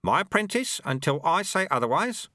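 A man voicing a stern, sharp-tongued old male sweeper monk who snaps his words, in an audiobook. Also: on the high side, very animated, moderate pace, no room sound, clean studio sound, pitched above the performer's own voice. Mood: stern, scolding. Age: older. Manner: snapping, stern. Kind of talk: audiobook character voice.

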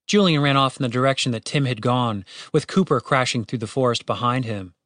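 A man narrating a fantasy audiobook in a steady, wry storytelling way, with casual swearing. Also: mid-range voice, brisk, no echo, clean studio sound.

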